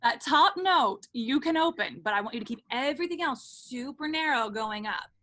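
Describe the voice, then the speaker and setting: A woman's voice: high voice, expressive, moderate pace, a bit bright. A woman voice teacher running an online lesson over a video call, often demonstrating with sung meows.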